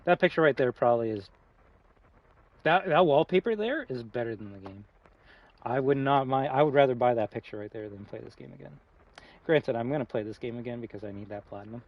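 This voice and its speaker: A man's voice: mid-range voice, brisk, no echo. Swearing, rambling male game streamer. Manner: rambling, swearing, frequent fillers and restarts. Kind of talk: casual live-stream commentary. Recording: slightly muffled with faint music.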